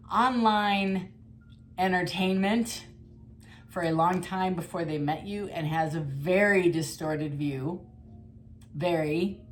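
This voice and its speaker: A woman's voice: low-pitched, a little hiss or hum. A middle-aged woman giving a casual tarot reading, chatty and blunt, with mild swearing. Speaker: tarot reader.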